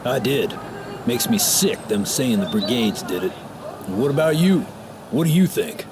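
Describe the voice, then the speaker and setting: A man's voice: medium pitch, animated, moderate pace, noisy background, lightly acted. An actor playing a protective, hot-tempered trucker who talks to the player in a fatherly, familiar way, from a video game. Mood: friendly. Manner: fatherly, calls the player young blood. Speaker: game character. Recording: game audio with music behind.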